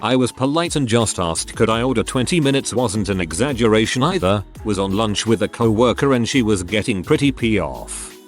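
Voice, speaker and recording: A man with a lowish voice narrates a string of short internet stories in a matter-of-fact scripted read. His pitch swings freely through each line, and faint music runs quietly beneath him. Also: lively intonation, fairly quick, few pauses. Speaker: narrator reading reddit posts.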